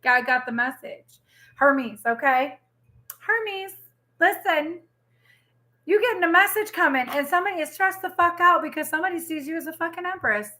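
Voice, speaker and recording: Bright, animated woman reading tarot. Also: extremely high pitch. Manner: animated, swearing, exclamatory. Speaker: tarot reader. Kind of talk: casual livestream tarot reading.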